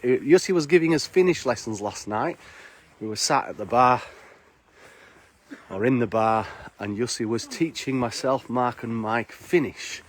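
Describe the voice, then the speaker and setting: A man's voice: mid-range voice, normal speed. A man chats casually as he hosts a live stream, greeting viewers by name while walking outdoors through snowy streets. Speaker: live-stream host and bar worker.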